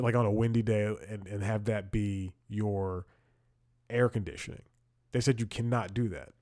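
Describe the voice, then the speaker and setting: A young man with a medium-pitched voice hosts a comedy podcast, recorded in clean, echo-free studio sound. He rambles through a story in a casual comedic monologue, frequently chuckling and restarting sentences.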